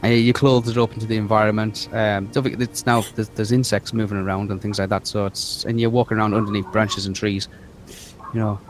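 A man's voice: fairly low pitch, level tone, fairly quick, slight background noise. A man running a tabletop game as game master, rambling through descriptions with fillers and restarts.

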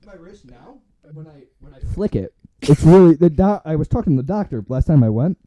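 A young man co-hosting a podcast in casual chat, excitable and swearing, laughing often. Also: fairly high pitch, a little fast. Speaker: podcast co-host.

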